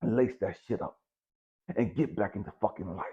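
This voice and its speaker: A middle-aged motivational speaker delivers a blunt, profane exhortation, hammering his points home through repetition. His voice is fairly low-pitched and dark, and he speaks fairly quickly. The recording is dull and lo-fi.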